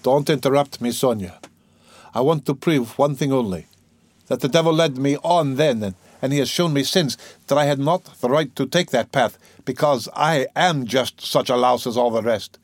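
A man's voice: medium pitch, normal speed, dry recording, lightly acted. A man reading aloud, voicing a tormented young man who speaks bitterly and defiantly. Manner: brooding, bitter, bursting into agitated outcries. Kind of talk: audiobook reading.

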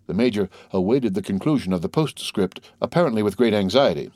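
Male audiobook narrator, lowish voice, dry close sound, steady reading of a classic novel. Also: no echo. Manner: even, measured storytelling. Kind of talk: scripted narration.

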